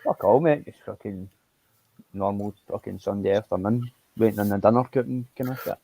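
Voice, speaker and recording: Man, relaxed sweary chatter, quick pace, dry sound. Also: lowish voice, creaky, slightly rough, dry recording, low-quality recording. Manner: relaxed, sweary, says "you know what I mean" often. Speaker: guest on a stream call. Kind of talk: casual chat on a livestream call.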